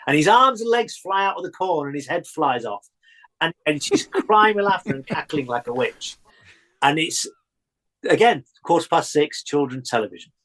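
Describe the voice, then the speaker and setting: Animated man telling stories with laughs. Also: fairly high pitch, normal speed, low-quality recording. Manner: animated storytelling, laughs often. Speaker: guest. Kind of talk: casual chat.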